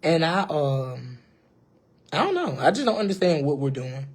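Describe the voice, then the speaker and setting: A woman's voice: sits low, sing-song, normal speed, breathy edge. A woman in a casual live-stream monologue, speaking straight to her viewers with emphatic, preachy advice, repeating phrases and calling them "baby". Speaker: livestreamer.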